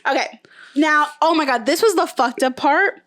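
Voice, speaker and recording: A woman's voice: high voice, expressive, normal speed, a bit bright. A young woman co-hosting a podcast, chatting casually about celebrity gossip and breaking into breathless laughing fits. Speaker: podcast co-host.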